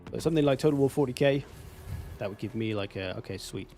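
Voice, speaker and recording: A man's voice: mid-range voice, fast, warm tone, soft background music. A man with an English accent, casually commenting on a strategy game on a live stream, swearing now and then and answering chat. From England. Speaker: gaming streamer.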